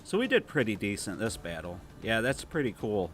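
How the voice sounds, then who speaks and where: A man's voice: fairly low pitch, wildly swooping pitch, moderate pace, background noise. A man with a Toledo, Ohio accent hosting a casual gameplay livestream, chatting loosely and reading viewer comments aloud. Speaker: livestream host.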